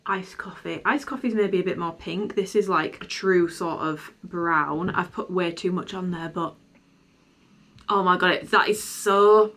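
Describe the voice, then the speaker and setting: A woman's voice: lowish voice, unhurried, a bit bright. Candid young woman vlogging. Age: young adult. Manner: frank, rambling, sweary. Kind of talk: candid vlog chat.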